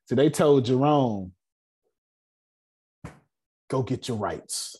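A man leading a business meeting, telling animated motivational stories in casual slang with repeated words and dramatic pauses before listeners. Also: mid-range voice, breathy edge.

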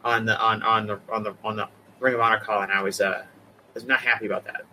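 A man from the Boston area co-hosting a podcast in casual chat, animated and prone to playful asides. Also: fairly low pitch, fast talker, slight background noise, low-quality recording. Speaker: podcast co-host, reporter.

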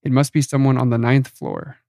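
A man's voice: medium pitch, a little fast, vocal fry, dark tone, dry recording, studio quality, natural voice. A man reading as a flustered front desk woman. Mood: rattled. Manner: flustered, placating. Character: rattled woman on hotel front desk phone.

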